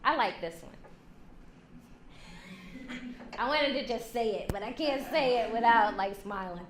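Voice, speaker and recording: A woman giving a lively workshop talk to a women's leadership class, joking and acting out quoted voices. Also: a little high, a little slow. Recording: echoey room, faint hum.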